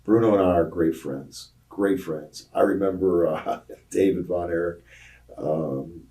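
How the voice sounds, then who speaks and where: A very low-voiced older man spins long anecdotes from his wrestling days, hesitating often and slipping into the voices of the people he quotes. He sits a little back from the microphone, so he sounds slightly distant. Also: steady tone, unhurried, mellow. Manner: rambling anecdotes with many fillers, acting out quoted voices. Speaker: retired pro wrestler, interview guest. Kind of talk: casual storytelling interview.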